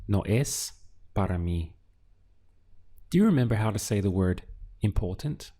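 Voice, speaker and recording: A man teaching a language lesson, speaking calmly and patiently and pausing often so the listener can answer. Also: fairly low pitch. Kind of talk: slow, deliberate language lesson.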